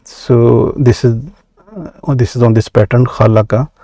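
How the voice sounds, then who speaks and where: Slow-paced man teaching Arabic grammar. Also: medium pitch, little pitch movement, mellow, no room sound. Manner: measured, many "uh" pauses, slow deliberate explanation. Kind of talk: explaining grammar from a workbook.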